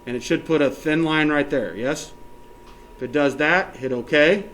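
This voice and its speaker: A male teacher giving a classroom software lesson step by step, often checking that everyone is following and counting options aloud. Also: a little high, normal speed, slight background noise.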